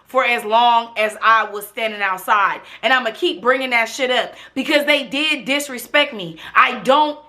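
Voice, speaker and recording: A young woman vlogger telling a blunt, profane story in an animated way. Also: a little high, moderate pace, few pauses. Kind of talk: storytime vlog.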